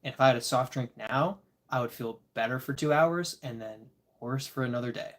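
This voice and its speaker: Worn-out guy rambling to his stream chat, laid back, chuckles a lot, mid pitch. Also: brisk, fairly bright tone. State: tired. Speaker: disc golf livestreamer reading chat. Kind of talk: casual live-stream chat.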